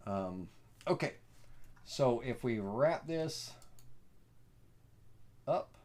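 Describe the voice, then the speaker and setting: A man with a Southern US accent hosting a live software tutorial, rambling and folksy with lots of fillers. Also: medium pitch, animated, very slow. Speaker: host.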